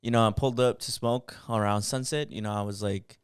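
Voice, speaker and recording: A young man co-hosting a podcast, telling a story in a casual, animated way and swearing a lot. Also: lowish voice, fairly quick, clean tone, no room sound, studio quality. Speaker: podcast co-host.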